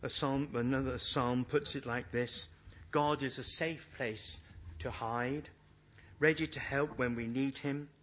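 A man's voice: mid-range voice, steady tone, unhurried, fairly bright tone. A man preaching a sermon in an earnest way, leaning hard on the scripture lines he quotes. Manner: earnest, emphatic when quoting scripture. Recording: dull lo-fi recording.

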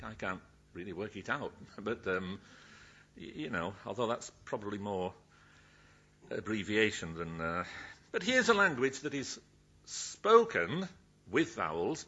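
In a mid-range voice with a fairly bright, breathy edge, an older Yorkshire preacher tells a chatty, wandering sermon full of anecdotes. He leaves sentences unfinished and laughs at his own stories, captured on a dull, low-fidelity recording.

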